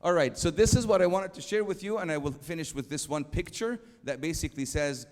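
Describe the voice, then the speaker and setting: A man giving a church youth lecture, emphatic, slowing down for quotes and asking the audience questions. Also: on the high side. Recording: long hall reverb.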